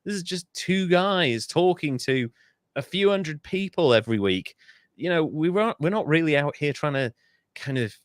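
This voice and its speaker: Jokey sweary podcast host. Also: male voice, on the high side, no room sound, clean studio sound. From England. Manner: swears freely, jokey, mimics people in silly voices. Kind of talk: casual podcast chat.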